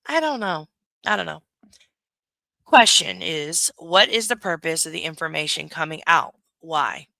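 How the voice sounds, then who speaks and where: Woman, reaction commentary host, blunt and profane, bright edgy voice, dry close sound. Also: low-pitched, unhurried, creaky, no room sound. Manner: blunt, profane, laughing, animated.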